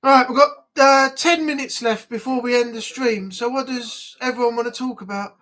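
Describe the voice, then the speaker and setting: A man's voice: very high-pitched, steady tone, moderate pace, pushed and bright. A man hosting a casual live-stream chat, frank and chatty, swearing freely.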